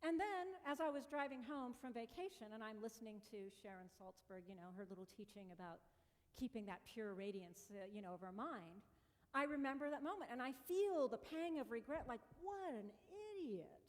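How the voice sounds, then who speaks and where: A woman pastor tells stories from the pulpit in a conversational way and acts out her own cries and apologies. Her voice sits a little high. The sound carries a long echo from the hall. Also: brisk. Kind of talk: storytelling sermon. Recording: long reverb of a church hall.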